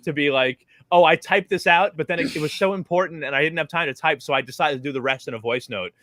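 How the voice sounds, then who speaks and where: Male podcast co-host, bright and a touch high, dry close sound, chatty rambler. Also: quick pace, dry recording. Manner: rambling, animated storyteller. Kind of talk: casual chat.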